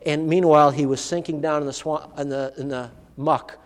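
A man's voice: fairly high pitch, steady tone, moderate pace. A man preaching a sermon, telling a personal story in an earnest, vivid way. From United States. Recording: long hall reverb.

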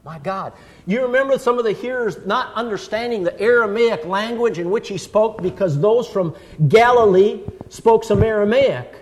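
A man preaching a sermon, dramatic, slowing down and rising for emphasis. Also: high voice, big-room sound, slight background noise. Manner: dramatic, slows and rises for emphasis. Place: church.

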